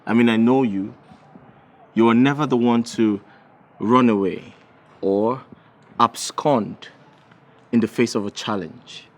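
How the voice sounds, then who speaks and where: An actor playing a wealthy, smug groom who brushes people off, speaking with a Nigerian accent. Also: male voice, medium pitch, slow, long pauses. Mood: taunting. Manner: smug and dismissive. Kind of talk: film drama acting.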